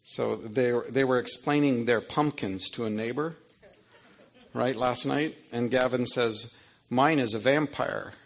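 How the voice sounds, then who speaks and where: A man's voice: mid-range voice, a little slow, creaky. A middle-aged man, an author, telling humorous family stories to an audience in a rambling, anecdotal way with self-amused asides. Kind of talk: humorous storytelling talk.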